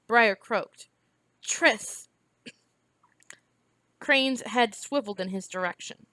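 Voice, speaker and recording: A woman reading a novel aloud in a steady, even storytelling manner. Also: on the high side, moderate pace, no echo. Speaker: reader.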